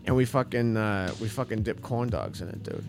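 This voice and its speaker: A man's voice: lowish voice, a little fast, voice pushed down, close to an everyday voice. A brash, swaggering Chicago guy with a thick Chicago accent, as a man puts him on. He talks crude and boastful, tosses "dude" into everything, and faint music plays behind him. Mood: enthusiastic.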